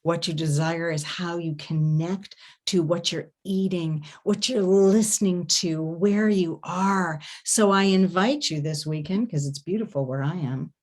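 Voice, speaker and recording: Expressive woman coaching on intimacy. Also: on the low side, measured pace, hardly any pauses. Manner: expressive, demonstrates sounds with hums and murmurs; animated storytelling, laughs often. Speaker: intimacy coach and festival presenter. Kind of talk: online workshop talk. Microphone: home setup, online stream.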